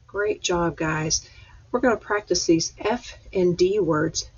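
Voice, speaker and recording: A woman teacher leading a phonics lesson for young children, slowly sounding out letters and getting excited when the answers are right. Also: lowish voice, slightly rough. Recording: dull lo-fi sound.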